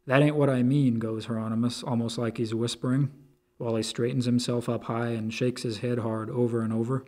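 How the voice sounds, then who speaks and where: A man narrating a story aloud in crude street slang with a deadpan delivery. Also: mid-range voice, fairly quick.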